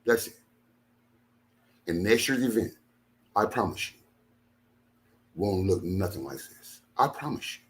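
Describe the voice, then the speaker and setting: Emphatic low-voiced man repeating himself. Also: sing-song, a little slow, pauses often. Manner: emphatic, repeats phrases, swings from low and quiet to loud bursts. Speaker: minister. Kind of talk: impassioned talk to followers.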